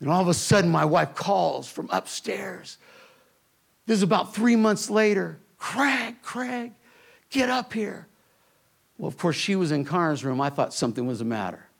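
A man preaching a sermon to a church, telling a personal story with emphatic delivery that drops to a hush in tender moments. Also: a little high, lively intonation, moderate pace, gravelly. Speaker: pastor.

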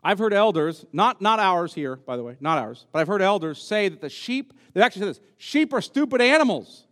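A man's voice: sits high, animated, brisk, fairly bright tone. A man preaching a sermon as pastor, emphatic and repeating key words for stress. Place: church sanctuary. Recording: long reverb of a church hall.

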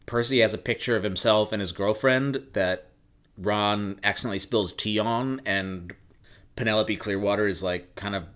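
A man's voice: fairly low pitch, normal speed, fairly bright tone. A man co-hosting a podcast, chatting casually, rambling and swearing enthusiastically. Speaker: podcast co-host. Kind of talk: casual chat.

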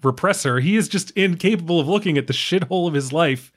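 An American man with a fairly high voice talks through a film in a loose, animated podcast chat. He swears freely and slips into voicing the characters as he argues his point. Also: quick pace. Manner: animated, profane, acts out characters' lines. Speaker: podcast co-host. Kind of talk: casual film discussion.

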